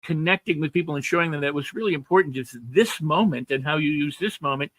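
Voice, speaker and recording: A man hosting a podcast, speaking in a reflective, affirming way, slow and deliberate at times. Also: fairly high pitch, fairly bright tone, dry recording. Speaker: podcast host. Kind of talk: interview chat.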